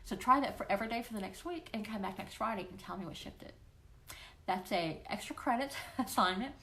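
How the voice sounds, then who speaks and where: A woman hosts a weekly live Q&A stream, chatting casually and encouragingly with viewers and playfully acting out quoted voices. Her medium-pitched voice is animated, brisk, and fairly bright. She uses a livestream computer microphone.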